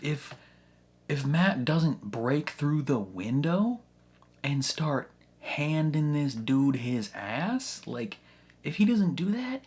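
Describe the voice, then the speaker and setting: A man hosting a casual reaction video, ranting in an animated, exasperated way and swearing often. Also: mid-range voice, husky.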